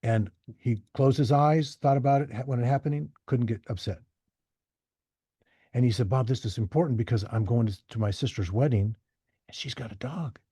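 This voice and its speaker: A man, a podcast guest, telling stories in a casual, animated way and acting out the voices of the people he quotes. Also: mid-range voice, normal speed, slightly rough, dry recording. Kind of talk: casual storytelling.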